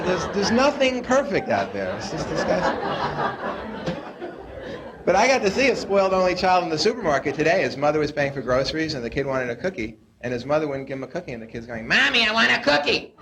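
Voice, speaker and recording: A young adult man doing a stand-up routine on a club stage, neurotic and self-deprecating, with whiny voices for the characters he puts on. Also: mid-range voice. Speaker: stand-up comedian. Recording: noisy 1980s live club tape.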